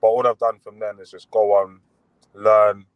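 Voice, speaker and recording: A man chatting as a boxer guest on a podcast, relaxed and full of fillers and restarts. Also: on the low side, normal speed, smooth, dry recording, dull audio. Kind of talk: casual podcast interview.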